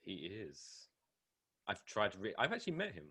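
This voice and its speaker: Lively Essex-accented man, bright tone. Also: lowish voice, moderate pace, slightly rough, dry recording, studio quality. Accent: Essex English. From England. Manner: laid-back, swears freely, laughs along. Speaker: podcast co-host. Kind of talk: casual chat.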